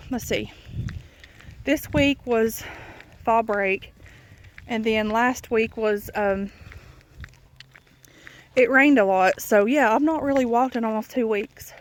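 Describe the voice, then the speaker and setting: A woman talks to her viewers as she walks a country road outdoors. Her voice sits a little high, and she is audibly out of breath as she rambles on in a chatty, confiding way, holding her phone camera. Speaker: vlogger. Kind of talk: casual chat while walking.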